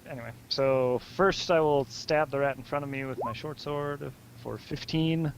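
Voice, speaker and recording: A man chatting as a player in a tabletop game, rambling and stumbling over his words. His voice is gravelly, with a faint hiss behind it. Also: on the high side, steady tone, normal speed, poor audio. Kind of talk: casual tabletop game chat.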